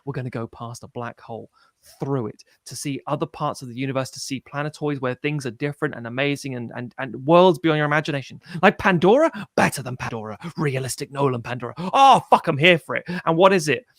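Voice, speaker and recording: A man in casual film chat, animated, swearing freely and mimicking people as he tells a story. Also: mid-range voice, fast, no echo, clean studio sound. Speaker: podcast co-host.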